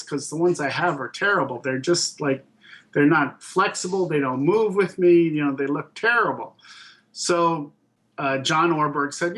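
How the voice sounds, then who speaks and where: An older man, a puppet and toy designer, telling anecdotes in a relaxed interview and acting out the voices of people he quotes. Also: a little high, normal speed. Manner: animated storyteller who acts out quoted voices.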